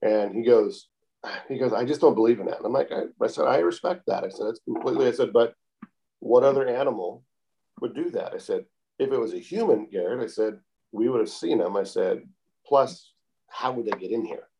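A man calmly telling a long outdoor story in a casual interview, with many repeated "I said" tags. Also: medium pitch, gravelly. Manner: calm, unhurried, repeats "I said" often.

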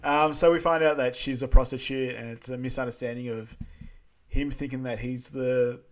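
A man's voice: mid-range voice, steady tone, normal speed, a little hiss or hum. Laid-back young man recapping a film. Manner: laughs often while retelling scenes. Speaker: podcast co-host. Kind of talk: casual movie recap chat.

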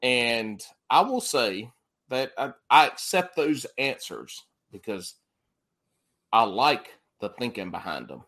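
Loud cussing podcast host guy, laughs a lot, casual chat. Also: medium pitch, big pitch swings, slow. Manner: crude, laughing, loud banter.

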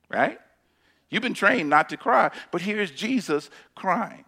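Bright-voiced preacher with sudden loud bursts. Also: male voice, a little high, very animated. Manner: reads scripture slowly, then preaches with sudden loud and hushed turns; casual, emphatic preaching with repeated phrases. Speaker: pastor. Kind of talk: sermon with scripture reading.

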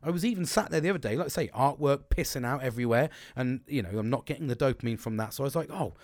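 A man's voice: medium pitch, very fast, darkish tone, no echo. Middle-aged man, sweary and blunt, rambling candid talk; dry recording. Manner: sweary, blunt, restarts often.

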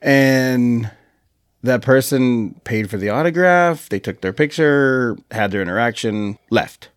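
A man's voice: medium pitch, slow pace, smooth, no room sound, studio quality. A man co-hosting a podcast, telling a story in casual chat and laughing as he goes. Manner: animated, laughs through his story. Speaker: podcast co-host.

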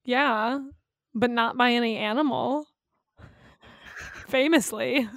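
A woman's voice: fairly high pitch, slow, fairly bright tone, no echo, studio quality. A woman co-hosting a podcast in casual chat, talkative, laughing often and swearing freely. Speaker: podcast co-host.

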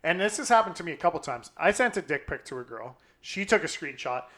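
A young man co-hosting a casual chat, telling a profane story with lively acted-out quotes. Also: fairly high pitch, quick pace. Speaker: podcast co-host.

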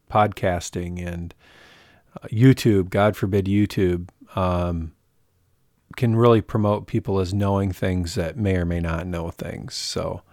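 A man's voice: deep voice, darkish tone, no room sound, clean studio sound. A man co-hosting a fishing podcast in casual chat, rambling and self-mocking, often restarting his sentences. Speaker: podcast co-host.

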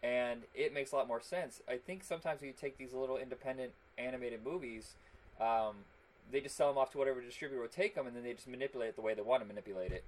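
A man's voice: medium pitch, fast, poor audio. A man co-hosting a casual podcast chat, wry and amused as he reads from notes about a film. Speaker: podcast co-host.

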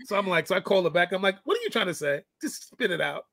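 A man's voice: high voice, sing-song, fast talker, vocal fry, pushed and bright, no echo. A middle-aged man and father telling a parenting story in casual chat, acting out the quoted lines. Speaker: guest, fitness coach and father.

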